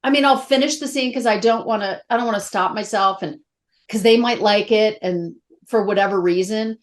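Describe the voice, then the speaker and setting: A woman's voice: medium pitch, brisk. Candid, emotional woman telling stories. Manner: candid, emotional, animated storytelling. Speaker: actress guest. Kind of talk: casual interview chat.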